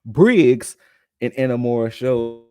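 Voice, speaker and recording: A young adult man co-hosts a podcast, casually recapping wrestling events in a loose, conversational way and acting out quotes in passing. His mid-range voice is mellow and animated, with a slow pace.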